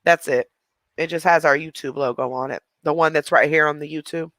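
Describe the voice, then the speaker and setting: A man's voice: a little high, steady tone, fairly quick, fairly bright tone, no echo. A man hosting a livestream, chatting casually with viewers and laughing often. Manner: chatty, laughing, responding to chat. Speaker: livestream host.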